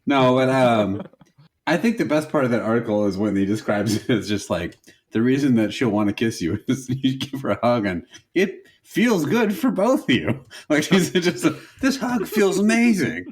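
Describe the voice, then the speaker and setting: A man's voice: mid-range voice, expressive, normal speed. Riffing, jokey podcast guy. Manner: jokey riffing, mock voices. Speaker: podcast co-host. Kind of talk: casual comedic chat.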